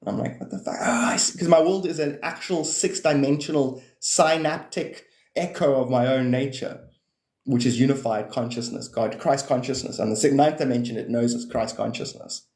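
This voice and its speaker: A man's voice: mid-range voice, normal speed, a little mellow, roomy sound. A man rambling through casual livestream chat about spirituality, swearing freely and laughing often.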